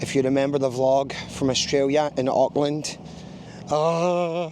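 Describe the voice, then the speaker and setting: A man's voice: mid-range voice, steady tone, unhurried, a little mellow, slight background noise. A man with a Scottish accent vlogging casually outdoors in a small town, chatty and jokey, rambling as he walks. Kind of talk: casual travel vlog to camera.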